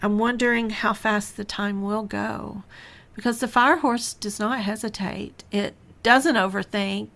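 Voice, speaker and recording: Woman, spiritual podcast host, very slow pace, gravelly fry, reflective musing talk. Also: medium pitch. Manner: unhurried, musing, with sighs and soft laughs.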